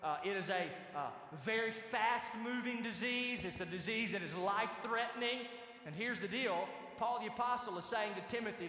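Animated high-voiced preacher in echoey hall. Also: male voice, normal speed. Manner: animated, conversational, rhetorical questions to the congregation. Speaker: pastor. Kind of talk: sermon.

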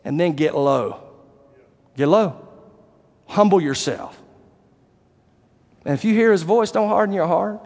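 A man preaching a sermon, animated and acting out the voices of the people he describes. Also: high voice, normal speed, vocal fry, long pauses. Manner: animated, acts out quoted voices, rising to shouts. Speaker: pastor. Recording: long hall reverb.

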